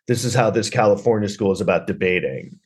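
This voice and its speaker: A man's voice: lowish voice, expressive, fast talker, breathy edge. A man hosting a podcast, rambling sarcastically through a comedic movie review. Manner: rambling, sarcastic, lots of restarts and "like". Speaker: podcast host.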